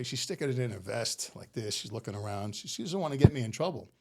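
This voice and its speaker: Animated storytelling man, laughing often. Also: mid-range voice, fast talker. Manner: animated, laughing often, acts out quoted voices. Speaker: podcast guest. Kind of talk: casual storytelling.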